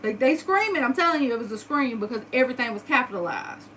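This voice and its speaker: A woman in her thirties telling a personal story in a casual, animated and profane way. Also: a little high, fast talker, background noise. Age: 30s. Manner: animated, profane, dramatic retelling. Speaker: storyteller vlogger.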